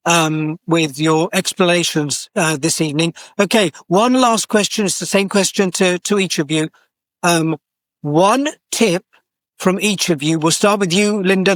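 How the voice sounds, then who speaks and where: A man hosting a panel discussion, polite and encouraging, with many soft acknowledgements. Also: a little high, dry recording. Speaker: host.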